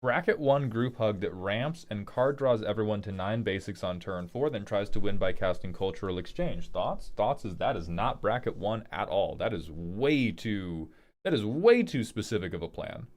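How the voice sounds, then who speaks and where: Low-voiced man chatting on a stream. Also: lively intonation, normal speed, a little mellow. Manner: rambling, joking, reads viewer messages aloud. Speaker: streamer answering chat. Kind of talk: casual livestream chat.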